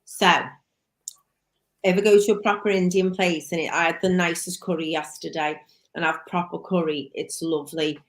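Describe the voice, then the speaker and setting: A woman co-hosting a casual chat show, asking guests questions and chiming in with quick agreement. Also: lowish voice, little pitch movement. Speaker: co-host.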